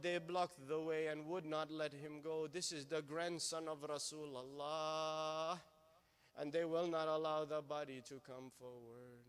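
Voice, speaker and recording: Impassioned male preacher, slightly high voice. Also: clean tone. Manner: impassioned, swings between raised and hushed delivery. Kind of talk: sermon. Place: mosque.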